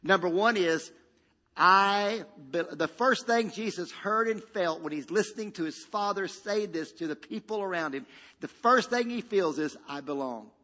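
A man's voice: high voice, moderate pace, bright, forceful tone, long reverb tail. A man preaching a sermon as pastor, emphatic and repetitive, leading the congregation in call-and-response.

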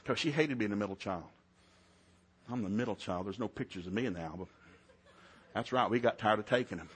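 A man's voice: lowish voice, brisk, breathy edge. A middle-aged man, preaching a sermon in a folksy storytelling way. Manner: folksy storytelling, swings to loud shouted preaching. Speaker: pastor.

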